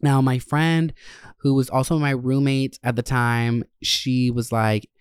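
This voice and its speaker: A man hosting a podcast, telling candid, profane stories in a casual, animated way. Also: mid-range voice, measured pace, clean tone, no echo, studio quality. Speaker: podcast host.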